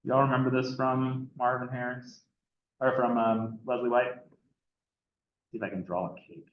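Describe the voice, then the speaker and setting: A man's voice: mid-range voice, level tone, moderate pace, slight background noise. A man giving a casual classroom lecture on anthropology, chatty and loose, full of fillers and "right?" checks to the students. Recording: dull roomy classroom recording.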